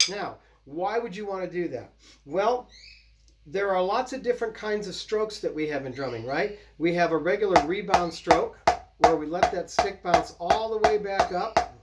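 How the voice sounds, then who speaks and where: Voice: medium pitch, lively intonation, normal speed, slight background noise. A drum teacher giving a casual, explanatory lesson and counting out patterns while playing. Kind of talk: casual instructional demo. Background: loud snare drumming.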